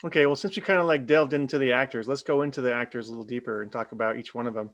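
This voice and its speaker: A man's voice: mid-range voice, very fast, no room sound, lo-fi sound. A man co-hosting a casual film podcast, speaking in a hesitant way with fillers. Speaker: podcast co-host.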